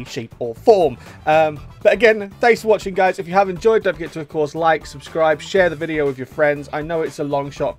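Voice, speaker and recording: A young man giving casual, self-amused commentary over his strategy gameplay, laughing often. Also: fairly high pitch. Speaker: gaming YouTuber.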